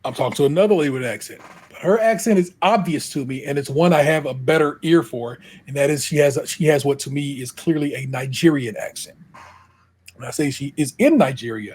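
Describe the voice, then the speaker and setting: A young man hosting a podcast, retelling a frustrating episode in an animated, exasperated casual way. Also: on the high side, fairly quick, husky. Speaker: podcast host. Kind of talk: casual storytelling chat.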